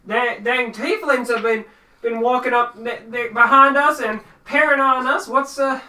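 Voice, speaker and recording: A jittery elf farmer stammers and stumbles over every word, as a man puts him on. The voice sits high and bright. It sounds distant, in an echoey room. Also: fairly even intonation, measured pace, heavily acted. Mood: flustered. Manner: stammering, flustered. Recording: echoey room, mic far off.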